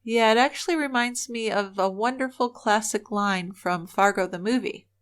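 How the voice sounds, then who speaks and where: Woman, true-crime podcast co-host, mid-pitched voice, earnest, opinionated. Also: moderate pace, smooth. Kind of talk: casual true-crime storytelling.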